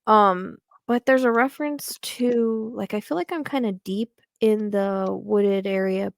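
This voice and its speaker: Creaky-voiced woman doing a rambling psychic reading. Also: medium pitch, fairly even intonation, a little slow, no room sound, clean studio sound. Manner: hesitant, rambling with many fillers. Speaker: psychic medium.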